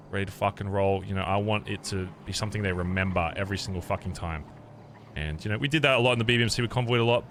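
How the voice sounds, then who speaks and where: Playing a biker club leader in an online role-play game, a man lays out his plans in a profane, rambling, fired-up pep talk. His voice is lowish, pushed, and bright, with a little hiss or hum in the audio.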